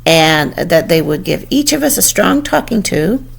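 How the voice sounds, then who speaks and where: Recounting a memory from her own life, an older storyteller speaks in a fairly low voice with vocal fry, big pitch swings and an unhurried pace. She keeps it conversational, frequently starting over and quoting what people said.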